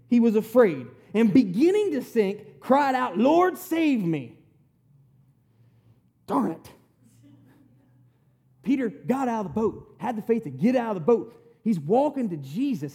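A man's voice: very high voice, big pitch swings, moderate pace, mellow, breathy edge. A man preaching a conversational sermon, retelling scripture in plain, folksy, emphatic words.

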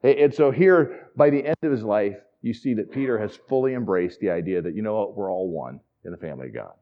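A man's voice: on the low side, lively intonation, fast talker, lo-fi sound. A man preaching a sermon in a conversational, enthusiastic teaching manner with asides. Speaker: pastor.

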